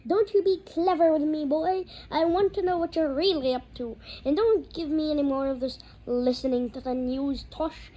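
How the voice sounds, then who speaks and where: A woman voicing a blustering middle-aged uncle who snarls, his voice croaky with fury, in a storybook reading. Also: sits high, lively intonation, a little slow, a little mellow, highs cut off, voice pushed up. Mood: furious.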